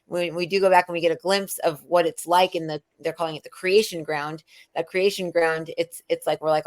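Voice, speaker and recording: A middle-aged woman talks in a loose, rambling way about spiritual matters. Her voice sits low for a woman. She keeps acting out what other people said. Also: a little fast. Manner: rambling, animated, acts out quoted people. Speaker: spiritual medium and co-host. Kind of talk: casual spiritual chat.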